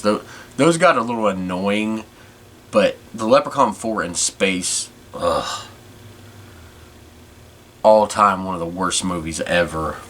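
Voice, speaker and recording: Man, podcast host, fairly low voice, casual rambling chat. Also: a bit bright. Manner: rambling, many restarts.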